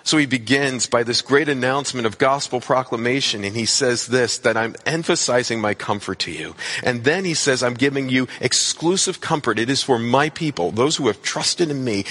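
Husky guy preaching, earnest, keeps repeating words to hammer them home. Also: medium pitch, a bit bright. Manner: earnest, repeats phrases for emphasis. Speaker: pastor. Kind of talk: sermon.

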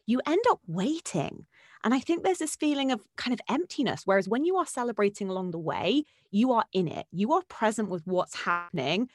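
A woman's voice: medium pitch, lively intonation, fairly quick, no room sound, studio quality. A woman hosting a podcast interview, effusive and encouraging, acting out little quotes as she chats. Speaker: podcast host. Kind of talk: casual interview chat.

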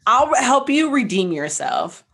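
A woman's voice: on the high side, big pitch swings, a little slow, vocal fry, fairly bright tone, slightly rough. Woman, podcast co-host, casual chat, chatty, laughs easily.

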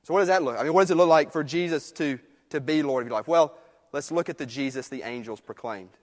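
A man preaching a sermon in a conversational way, moving between quiet, hushed passages and emphatic ones. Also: a little high, fast talker. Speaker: pastor. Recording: long reverb of a church hall.

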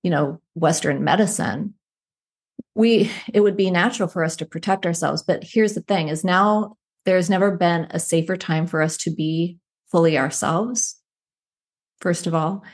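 A woman with a notably low voice, speaking as a psychologist guest on an interview show. She tells stories in a thoughtful, unhurried way, easing from one point to the next. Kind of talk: conversational interview.

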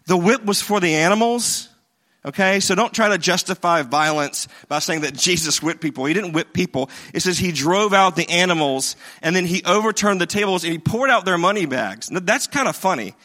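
Bright-voiced man preaching a casual sermon. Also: high-pitched, lively intonation, a little fast. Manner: conversational, joking, with many restarts. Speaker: pastor.

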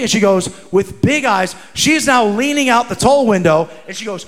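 High-voiced, lively young male pastor. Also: fast, hardly any pauses. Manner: energetic, conversational preaching with slangy asides and acted-out quotes. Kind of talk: sermon.

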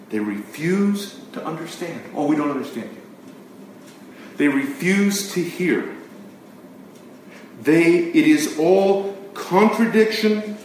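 A man preaching a sermon with emphatic delivery, swinging between loud declarations and hushed words. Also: fairly high pitch. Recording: very echoey room, distant mic, faint noise.

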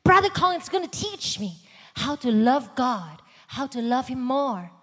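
A woman giving a sermon testimony in a church, swinging from loud urgent passages to hushed whispers. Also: high voice, sing-song, a little slow. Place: large church hall. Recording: long hall reverb.

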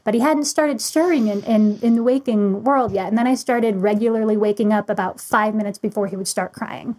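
A woman, a guest author, relaxed and lightly amused as she tells a personal anecdote. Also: medium pitch, fairly quick, rough recording. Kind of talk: anecdotal conversation.

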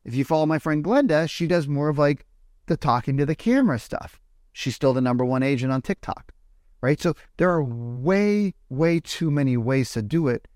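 Animated man coaching agents, dry sound. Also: fairly high pitch, moderate pace, no room sound. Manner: animated, peppers lines with "right?". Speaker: real estate coach. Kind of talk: motivational talk to agents.

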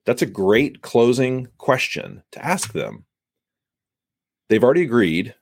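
A man's voice: mid-range voice, very animated, measured pace, long pauses, dry recording. A man hosting a sales podcast, coaching listeners in an emphatic monologue and acting out short exchanges with buyers. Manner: emphatic, coaching, acts out buyer and seller lines. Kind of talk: solo podcast advice monologue.

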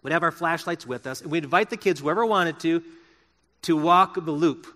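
A man's voice: on the high side, normal speed, bright, forceful tone, long reverb tail. A middle-aged male pastor preaching a sermon in an earnest, conversational way, asking his listeners rhetorical questions.

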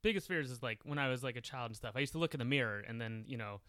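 Young male guest, casual and filler-heavy, crisp bright voice, dry mic. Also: medium pitch, very fast, dry recording. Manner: rambling, lots of "like" and "um". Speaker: podcast guest, writer. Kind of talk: casual interview.

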